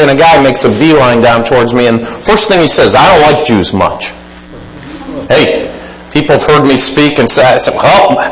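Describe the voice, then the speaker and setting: A man preaching a sermon emphatically, swinging between loud exclaiming and quiet asides. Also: fairly high pitch, echoey room, poor audio.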